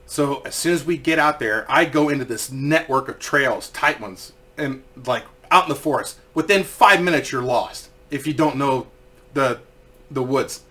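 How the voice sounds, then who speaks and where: A young man casually telling funny stories, animated, swearing freely and laughing as he goes. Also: medium pitch, moderate pace. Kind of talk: casual comedic storytelling.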